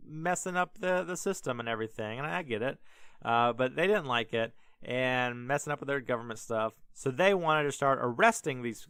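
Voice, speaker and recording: A man hosting a casual podcast retells a Bible story in a loose, filler-heavy way, tossing in jokes as he goes. His voice is smooth and clear. It is recorded close in a dry space. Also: medium pitch, fairly bright tone, no room sound. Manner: rambling, filler-heavy, joking asides. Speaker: podcast host.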